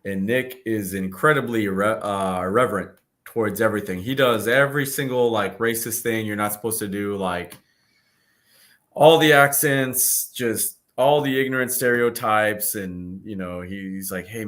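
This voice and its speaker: A man's voice: on the low side, a bit bright. A middle-aged man hosting a podcast, chatting loosely and telling stories with profanity. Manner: laughing, loose storytelling with profanity. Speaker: podcast host. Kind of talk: casual chat.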